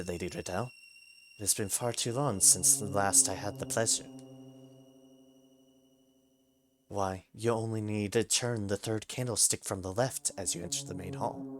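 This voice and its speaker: Brief: a man playing a broken old knight in a game, deep and mournful, slow and halting. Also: a crowd in the background, lightly acted. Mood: wistful. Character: frail old male knight, guilt-ridden and confused.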